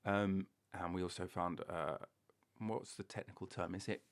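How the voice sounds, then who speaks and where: A man's voice: deep voice, fairly even intonation, normal speed. A man hosting a rambling solo comedy podcast, talking alone into a recorder in a room, meandering and self-mocking with jokey asides. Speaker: podcast host.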